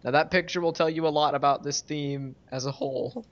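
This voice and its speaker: A man's voice: fairly high pitch, steady tone, a little fast. Man presenting news on a dull, lo-fi podcast. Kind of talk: casual podcast chat. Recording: dull lo-fi audio.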